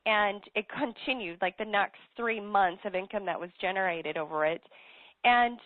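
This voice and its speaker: A woman's voice: mid-range voice, normal speed, dry recording. An earnest woman tells her story as an interview guest and presses her points by repeating them. She comes through a narrow, tinny phone line. The sound is dry, with no room around her. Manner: earnest and emphatic, repeats key phrases. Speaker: business coach and author, interview guest. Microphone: telephone.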